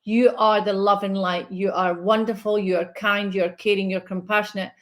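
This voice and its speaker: A woman's voice: mid-range voice, flat delivery, normal speed. A woman working as a spiritual medium in a live online reading, speaking in a soothing, reassuring way and often checking in with "okay?".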